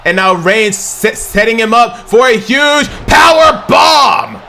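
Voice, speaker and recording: A man giving excited amateur play-by-play commentary over a video game, stumbling and correcting himself, then bursting into shouts at big moves. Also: very high-pitched, slow pace, gravelly, some chatter behind, a little hiss or hum. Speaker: play-by-play commentator for his own game session.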